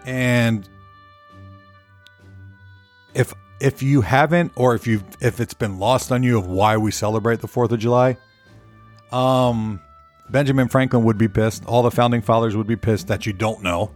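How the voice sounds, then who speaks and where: An American man hosts his own podcast, rambling casually, cursing, and often repeating words as he talks. His mid-range voice stays steady and unhurried with frequent pauses, over soft background music.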